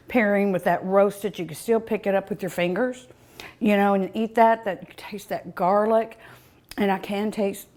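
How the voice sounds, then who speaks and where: A woman's voice: mid-range voice, darkish tone. A woman hosting a cooking show, tasting food in casual commentary, savoring each bite with delighted hums and exclamations.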